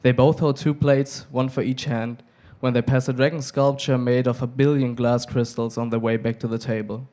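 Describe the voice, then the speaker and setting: A young man reads a short story aloud at a live event. His delivery is relaxed and conversational, in an ordinary mid-range voice. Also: mid-range voice, moderate pace, hardly any pauses. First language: German. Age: young adult. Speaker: reader. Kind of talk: literary reading.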